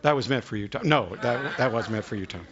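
A man pastor giving an unhurried, folksy sermon with prayer and jokes, often repeating words as he starts a sentence. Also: mid-range voice, expressive, highs cut off, crowd noise. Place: church sanctuary.

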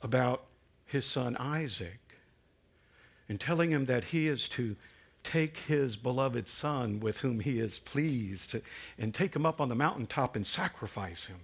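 A man preaching a sermon in a conversational way, asking the congregation questions and dropping to a hush for emphasis. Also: medium pitch, expressive, unhurried, vocal fry, husky, muffled recording. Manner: conversational preaching, rhetorical questions, dramatic hushed drops. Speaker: pastor.

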